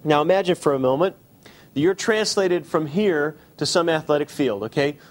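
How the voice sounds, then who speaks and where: A man preaching a sermon, asking the congregation direct questions and slowing down for emphasis. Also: on the high side. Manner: shifts between quick asides and slow emphasis. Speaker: pastor.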